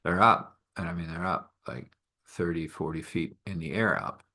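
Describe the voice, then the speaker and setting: A man's voice: low voice, normal speed, sharp tone, full character voice. A man voicing a cheerful, chatty queen who rambles in bubbly asides. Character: cheerful chatty queen, woman, from a fallen ship.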